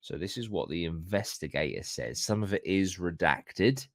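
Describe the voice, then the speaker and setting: A man's voice: low-pitched, lively intonation, normal speed, vocal fry, no echo, studio quality. A man hosting a podcast, reading a story from notes with casual swearing and jokey asides. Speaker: podcast host.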